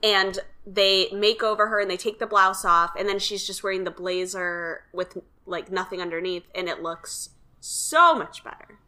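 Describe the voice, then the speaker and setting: Bright-voiced woman podcast co-host. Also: mid-range voice, steady tone, normal speed. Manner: recaps events in plain, narrating sentences. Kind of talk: casual chat recapping a reality show.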